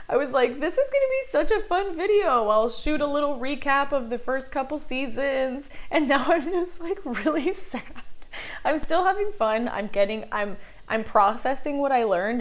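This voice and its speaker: Chatty young woman, lo-fi sound. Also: fairly high pitch. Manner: chatty, laughing often, self-mocking. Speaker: vlogger. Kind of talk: casual chat to camera.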